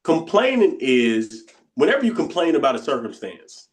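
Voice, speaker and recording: A man's voice: medium pitch, sing-song, normal speed. A man teaching a spoken lesson in an informal, conversational way, often repeating phrases and acting out inner voices under his breath. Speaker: coach teaching a bootcamp session.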